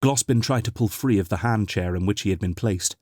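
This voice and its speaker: A man narrating an audiobook in a measured, dramatic storytelling manner. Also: fairly low pitch, darkish tone, no echo, clean studio sound.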